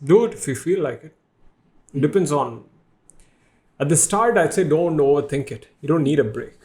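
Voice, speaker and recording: A man in his thirties from India with an Indian English accent, hosting a casual podcast chat, animated and joking, laughing often. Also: a little high, normal speed. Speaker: podcast host, art teacher.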